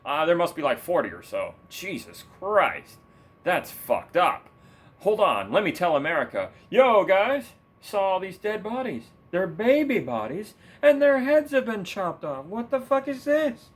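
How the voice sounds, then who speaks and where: A man mimicking an older male politician in a mocking, exaggerated, over-excited way. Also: high voice, a little slow, pitched above the performer's own voice. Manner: mock-excited, exaggerated, loud.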